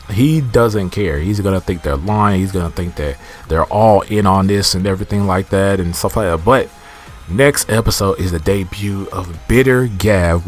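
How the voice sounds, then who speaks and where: A man casually recapping a TV episode in a rambling, slangy way, often restarting his sentences. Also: low-pitched. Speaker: TV episode reviewer.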